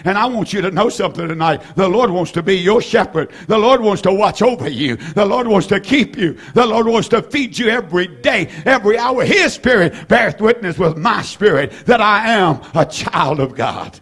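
Man in his seventies, preacher, high voice, fervent sermon, repeats lines, shouted peaks, uh fillers. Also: expressive, normal speed, hardly any pauses, slightly rough. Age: 70s. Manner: frequent "uh" fillers and restarts. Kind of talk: evening sermon.

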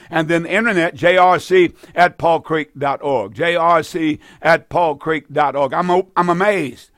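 A man's voice: fairly high pitch, normal speed, hardly any pauses, a bit bright, no echo. An older man, preaching urgently on the radio and taking calls, repeating and pleading. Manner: fervent, urgent, repetitive pleading. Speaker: radio preacher and call-in host. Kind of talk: evangelistic radio preaching with call-in.

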